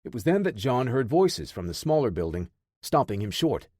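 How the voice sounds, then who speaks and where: A man narrating a military action audiobook in a steady, measured reading. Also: mid-range voice, no room sound, studio quality. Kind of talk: scripted narration.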